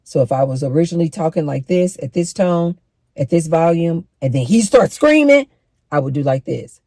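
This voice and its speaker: A woman's voice: deep voice, animated, moderate pace, mellow, dry recording. A middle-aged woman giving relationship advice straight to her viewers, emphatic and preachy. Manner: emphatic, preachy, direct address to women. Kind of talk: advice monologue to camera.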